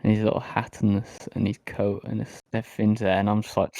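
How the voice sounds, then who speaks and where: A man's voice: fairly low pitch, level tone, fast, gravelly, mellow. A man on a podcast, chatting casually and adding wry comments about a film. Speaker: podcast guest. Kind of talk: casual chat.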